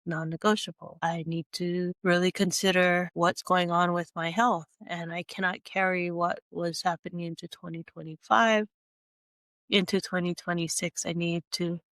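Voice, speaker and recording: A woman coach with a stuffy, congested nose, teaching a slow and earnest monologue with frequent restarts. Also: lowish voice, fairly bright tone, no echo. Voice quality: nasal from congestion. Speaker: speaker and coach.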